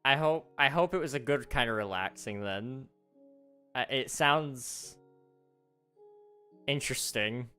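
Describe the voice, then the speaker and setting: A man's voice: medium pitch, slow pace, pauses often, pushed and bright, smooth, faint music behind. Chatty young man hosting a gaming stream. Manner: chatty, laughs often, reads chat aloud. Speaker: livestream host. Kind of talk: casual chat while gaming.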